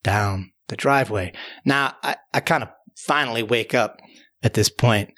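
A man with a mid-range, pushed, bright voice spins a tall tale at normal speed. His casual telling rambles loosely, with frequent restarts, repeated words and plenty of "you know" fillers.

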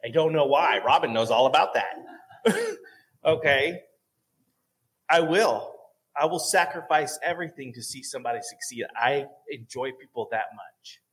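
A man's voice: medium pitch, moderate pace, a bit bright, poor audio. A man pastoring a church service, talking casually and earnestly about giving, with frequent "okay" and "all right" check-ins. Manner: casual, earnest, chatty with fillers. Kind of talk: church offering talk.

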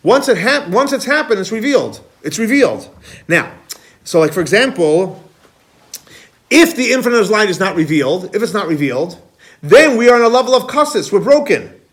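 A man teaching a Kabbalah class as a rabbi, animated, quizzing students and repeating key points. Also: high-pitched, normal speed. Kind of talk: classroom lecture.

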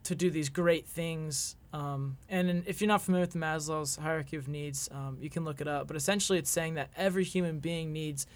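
Pitched a little high with fairly even intonation, a podcast guest in his twenties tells a personal story. He reflects earnestly on it, frequently pausing and restarting his thoughts.

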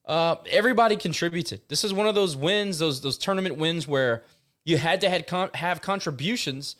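A man hosts a casual sports talk show. He speaks with enthusiasm and a slightly raised pitch, and he rambles from one player to the next. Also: moderate pace, a bit bright. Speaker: podcast host.

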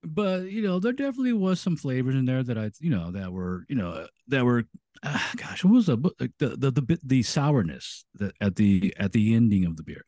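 A man's voice: medium pitch, very animated, a little fast, warm tone, no echo, clean studio sound. A man co-hosting a casual beer podcast, hesitant and often searching for the right word. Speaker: podcast co-host. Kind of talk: casual chat.

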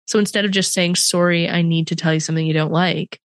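A middle-aged Canadian woman with a fairly low voice hosts a conversational podcast interview, speaking fast. The studio sound is clean with no echo, and her manner is reflective and emphatic, animated in places.

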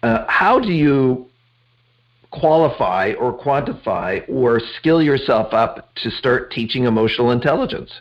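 A man's voice: mid-range voice, very animated, measured pace. Man hosting an interview over dull audio. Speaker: host.

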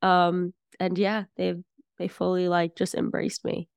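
Woman in her twenties, smooth voice, dry close sound, casual storytelling, lots of fillers. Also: lowish voice, completely flat delivery, a little slow, no echo. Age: 20s. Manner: chatty, filler-heavy, acts out family dialogue. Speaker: podcast guest.

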